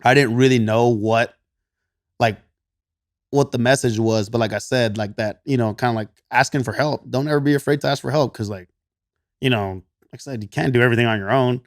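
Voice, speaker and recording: A man's voice: medium pitch, brisk, no echo, clean studio sound. Laid-back Texan man telling a story. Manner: laughs often, swears, quotes himself in animated voices. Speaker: podcast guest, gym coach. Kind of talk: casual storytelling.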